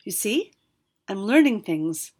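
Woman reading as a plucky little storybook girl, soft and earnest. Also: mid-range voice, very animated, takes it slowly, breathy edge, full character voice. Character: plucky young girl with no memory.

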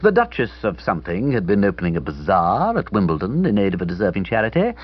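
A male narrator reads a comic first-person story in a wry, theatrical style, his low voice swinging widely in pitch. The tone is somewhat husky, and the recording sounds dull and lo-fi. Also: wildly swooping pitch, quick pace. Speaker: audiobook narrator.

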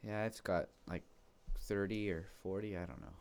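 Male co-host with a smooth, resonant voice; relaxed, unhurried gamer chat. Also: lowish voice. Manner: laid-back, hesitant, casual. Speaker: podcast co-host. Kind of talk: casual gaming chat.

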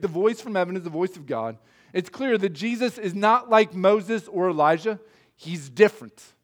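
A male pastor preaching a sermon in an emphatic, measured way, asking rhetorical questions. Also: high-pitched.

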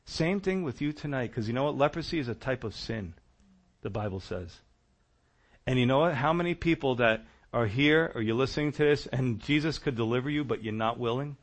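A man preaching a sermon, telling stories in a conversational, animated way. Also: medium pitch, a little fast.

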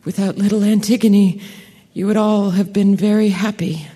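A young woman playing a frightened young woman facing death in a radio drama, soft and halting. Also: mid-range voice, steady tone, slightly rough, big-room sound, natural voice. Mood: resigned.

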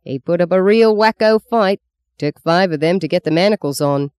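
A narrator putting on a rough, boastful police sergeant who tells it loudly. The smooth voice sits in a dry, close space. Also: medium pitch, normal speed, dry recording, lightly acted.

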